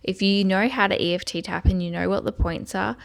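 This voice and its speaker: A woman's voice: mid-range voice, fairly even intonation, a little fast, gravelly. A woman giving a self-help video lesson, earnestly guiding the listener step by step and speaking affirmations aloud. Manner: speaks tapping affirmations aloud in first person.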